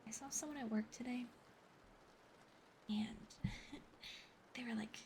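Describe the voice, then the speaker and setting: A young woman whispering softly on an ASMR livestream, chatting and giggling with viewers as she thanks them and tells a story. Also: on the high side, steady tone, measured pace, long pauses, noisy background. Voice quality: soft whispery voice. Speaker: streamer. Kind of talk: whispered ASMR stream chat.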